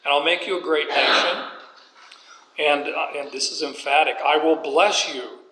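A man's voice: on the high side, steady tone, normal speed, bright, forceful tone, slight background noise. A man preaching a sermon, walking through scripture with folksy, joking asides. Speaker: pastor. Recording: echoey hall with long reverb.

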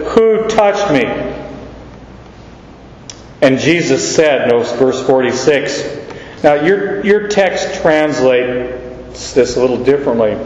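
A male pastor giving an expository sermon, teaching slowly and deliberately and repeating key quotes for emphasis. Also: mid-range voice, a little mellow, a little hiss or hum. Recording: echoey hall, dull lo-fi sound.

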